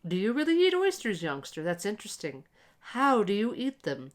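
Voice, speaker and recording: A woman voicing two amused gentlemen in top hats who mock a hungry boy. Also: medium pitch, wildly swooping pitch, moderate pace, voice pushed up. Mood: teasing. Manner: mocking, laughing.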